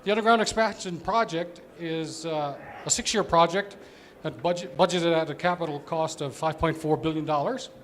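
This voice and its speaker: A man's voice: on the high side, moderate pace. A man giving a conversational conference presentation as an operations executive, explaining with fillers.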